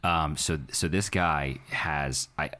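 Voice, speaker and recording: A man co-hosting a podcast in casual chat, chiming in with quick jokes and short questions. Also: extremely low pitch, pushed and bright. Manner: jokey, chimes in with short questions. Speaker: podcast co-host.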